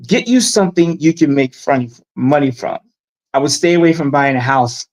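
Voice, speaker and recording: A middle-aged man talking in a casual live-stream chat, animated and emphatic, telling stories with asides. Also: a little high, rough recording. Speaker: guest.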